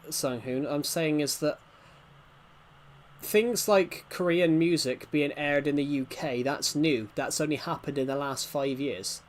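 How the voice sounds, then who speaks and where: A man's voice: a little high, measured pace, a little hiss or hum. Chatty man livestreaming a game. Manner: rambling, restarts, reacts to chat. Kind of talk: casual livestream chat.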